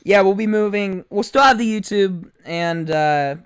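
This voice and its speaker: A man's voice: sits high, unhurried. A young man co-hosting a casual podcast, laughing often and rambling with lots of fillers. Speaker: podcast co-host. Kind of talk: casual chat.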